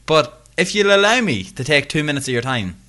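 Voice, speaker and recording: A man's voice: a little high, very animated, brisk, pushed and bright. A young Irish man co-hosting a podcast, chatty and jokey, talking himself up. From Ireland. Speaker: podcast co-host. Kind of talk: casual podcast chat.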